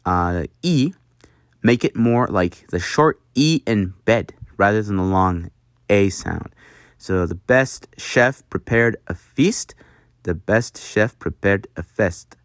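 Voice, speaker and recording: A man's voice: lowish voice, lively intonation, takes it slowly, clean tone, no room sound, studio quality. A young man teaching an in a casual home video lesson, rambling and self-mocking with many fillers. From United States. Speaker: host teaching an accent.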